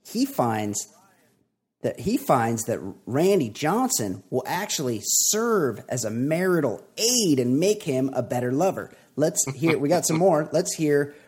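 Male podcast host, husky, playful and jokey, casual banter. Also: medium pitch, darkish tone. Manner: playful, reads listener messages with mock drama. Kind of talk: casual comedic chat.

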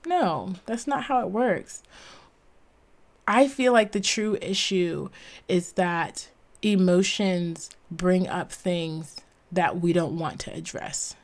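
A woman's voice: on the low side, slow pace. A woman hosting a solo podcast who gives an earnest, emphatic motivational talk and laughs at herself now and then. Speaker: podcast host.

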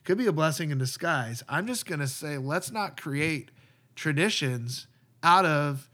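A man's voice: a little high, animated, a little slow, sharp tone. A man, a pastor, talking earnestly and conversationally about church community. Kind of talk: casual podcast talk.

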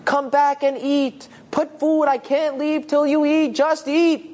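A man voicing a stressed young man who snaps and shouts in exasperation. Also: very high-pitched, level tone, slow pace, pitched above the performer's own voice. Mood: angry shouting. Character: frantic stressed young man, short-tempered.

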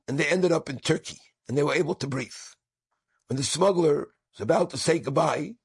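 A man's voice: on the high side, gravelly, breathy edge, dry recording. A man, a rabbi, telling an inspirational story with Yiddish and Hebrew words mixed into his English.

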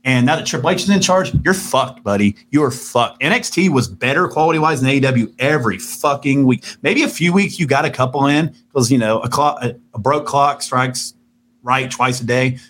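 A man's voice: mid-range voice, normal speed, a bit bright, a little hiss or hum. A man hosting a podcast, ranting angrily with a lot of swearing in casual chat. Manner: angry, profane ranting. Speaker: podcast host.

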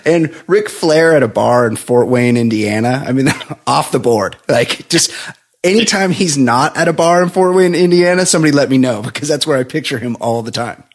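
A man's voice: medium pitch, animated, normal speed. A man co-hosting a comedic podcast, rambling casually and laughing between lines. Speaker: podcast co-host.

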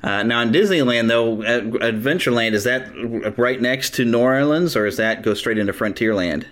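A male podcast host in a relaxed chat, eager and talkative, often breaking into laughter. His pitch sits in an ordinary middle range. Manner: eager, chatty, quick to laugh. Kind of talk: casual chat.

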